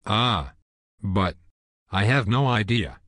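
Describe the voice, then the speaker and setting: A man with a low voice co-hosts a jokey sports show, delivering his lines in a dry, mock-serious way. The sound is close and dead, with no room around it. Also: expressive, takes it slowly, fairly bright tone, dry recording. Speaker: co-host of a comedic sports show. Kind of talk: jokey scripted banter.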